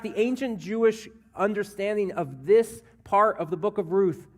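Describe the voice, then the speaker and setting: A man pastor preaching a sermon, earnest, dropping to a hush and then rising as he voices scripture. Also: high voice. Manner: earnest preaching that drops to a hush and swells when voicing scripture. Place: church sanctuary.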